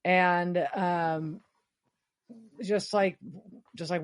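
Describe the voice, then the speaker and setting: A woman co-hosting a podcast in casual chat, recapping and quickly acting out characters' lines. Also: on the low side. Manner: acts out characters' lines in quick, animated quotes. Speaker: podcast co-host.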